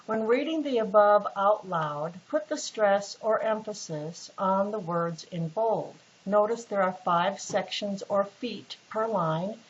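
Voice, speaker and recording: Woman teacher on a dull, hissy recording. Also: mid-range voice. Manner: casual, patient, with frequent fillers and restarts. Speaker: literature instructor. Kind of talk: recorded online lecture. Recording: dull lo-fi recording with faint hiss.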